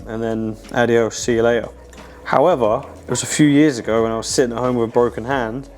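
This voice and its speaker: A man, chatting casually in a cooking vlog, sweary, rambling and self-mocking in a home kitchen. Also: mid-range voice. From England. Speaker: pro fighter cooking on his channel.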